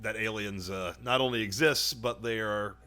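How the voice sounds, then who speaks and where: A man's voice: on the low side, moderate pace, bright, forceful tone. A man co-hosting a podcast in casual chat, rambling through his points and swearing freely. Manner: rambling, restarts often. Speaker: podcast co-host.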